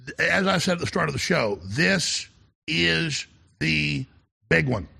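A middle-aged male talk radio host in an impassioned monologue, with a gravelly, husky voice that still sounds bright and forceful. He speaks with urgency, repeats words and stammers through restarts. His voice sits a little high for a man. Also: lively intonation, unhurried.

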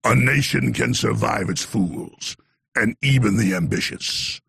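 A man voicing an ancient Roman orator, reciting slowly and solemnly in a low, gravelly voice. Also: a bit bright, dry recording, full character voice. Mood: grave, declaiming. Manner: slow, solemn, declaiming. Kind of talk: dramatic recitation.

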